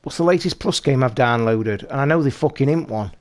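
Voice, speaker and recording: A British man chatting casually on a live stream, talking to his viewers in an excitable, rushed way and swearing constantly. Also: mid-range voice. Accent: British English. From United Kingdom.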